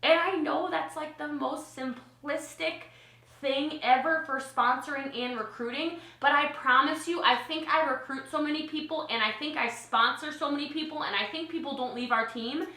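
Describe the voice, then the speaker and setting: Excitable high-voiced woman coach. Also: echoey room. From Maryland, USA. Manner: excitable and gushing, with big swings in loudness. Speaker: network marketing coach. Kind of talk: live-streamed team training. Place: home in Texas.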